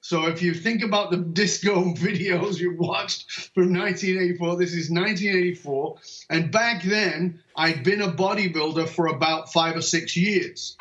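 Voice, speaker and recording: A man from the United Kingdom with a fairly high voice tells stories as a guest on a podcast. He is lively and restarts often, and acts out the voices of people in his anecdotes. The call audio sounds dull and lo-fi, with a roomy echo. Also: moderate pace. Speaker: podcast guest, motivational speaker. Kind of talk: conversational storytelling.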